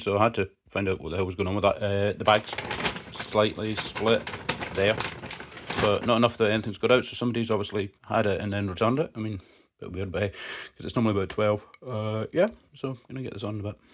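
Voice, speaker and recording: A Scottish man narrating his home cooking in a laid-back, casual way, with frequent fillers and swearing. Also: lowish voice. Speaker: home cook and channel host.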